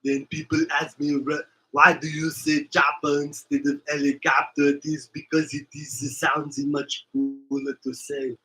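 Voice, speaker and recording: A man doing a comic impression of an older action-movie muscleman, making slow, emphatic, repetitive pronouncements. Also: on the high side, little pitch movement, sharp tone, soft background music, poor audio. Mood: mock-serious.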